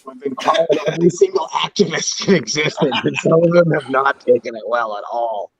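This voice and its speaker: A man hosting a casual talk show, retelling prank calls in an animated way and laughing easily. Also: fairly high pitch, a little fast, crowd noise. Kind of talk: casual storytelling banter. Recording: dull lo-fi audio.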